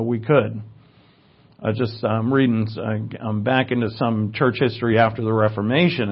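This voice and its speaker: A male preacher teaches in an easy, conversational way, wandering into asides and using filler words. His voice sits at an ordinary middle pitch. The recording sounds a little muffled and lo-fi. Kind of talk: sermon teaching.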